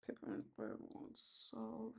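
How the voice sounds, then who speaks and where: A young South African vlogger braids her hair while chatting candidly and opinionatedly over a phone video call with noise cancelling, at home with ducks nearby. Her voice is fairly high with big pitch swings, slow, gravelly, a little mellow, and breathy-edged.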